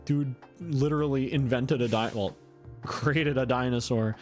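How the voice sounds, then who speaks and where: A man's voice: medium pitch, measured pace, faint music behind. A man casually commenting while he plays a video game, chatty and thinking aloud. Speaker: streamer.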